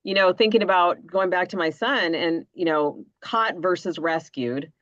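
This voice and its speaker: A woman's voice: fairly low pitch, normal speed, fairly bright tone, dry recording. A woman, a podcast host and mother, talking in an earnest, rambling way full of fillers while close to tears. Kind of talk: casual conversation. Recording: dull lo-fi sound.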